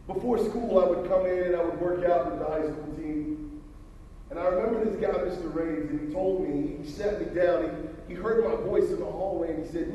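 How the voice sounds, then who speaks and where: A motivational speaker telling personal stories at a school assembly, with emphatic delivery that drops to a hush. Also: male voice, high-pitched, slight background noise. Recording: roomy reverb, distant from the mic.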